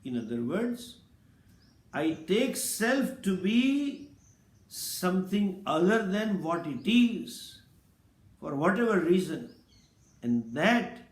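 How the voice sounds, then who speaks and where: A man giving a scripture lecture as a spiritual teacher, speaking slowly and deliberately and explaining Sanskrit terms. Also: high-pitched, roomy sound.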